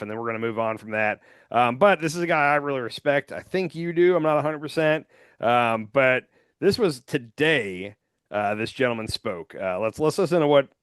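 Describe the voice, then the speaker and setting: A man hosting a podcast, chatting casually about politics in an animated, joking way, often trailing off quietly at the end of a thought. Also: mid-range voice, no room sound, studio quality. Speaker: podcast host.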